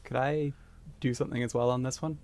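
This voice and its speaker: A man's voice: mid-range voice, steady tone, a little fast, a little mellow. A man playing a tabletop game, asking the game master politely and tentatively. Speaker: player.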